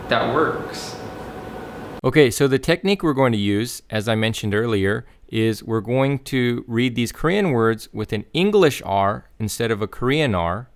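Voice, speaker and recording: Deliberate man teaching pronunciation. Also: medium pitch, heavy reverb, background noise. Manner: clear, deliberate, over-articulates example words. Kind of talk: scripted lesson.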